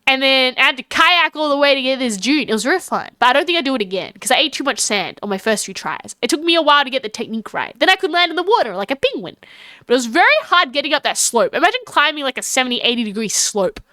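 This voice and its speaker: An Australian woman livestreaming and chatting casually with her viewers, rambling and giggly, talking fast with lots of fillers. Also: high voice, big pitch swings, pushed and bright, dry recording. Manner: chatty and giggly, talks to chat and calls herself by name.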